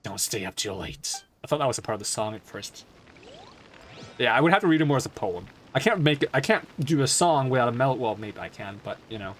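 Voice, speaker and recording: A man's voice: mid-range voice, expressive, quick pace, a bit bright, a little hiss or hum. A man streaming a game, commenting casually and laughing at himself as he rambles. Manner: laughs often, self-mocking, rambling. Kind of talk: casual commentary while reading game dialogue.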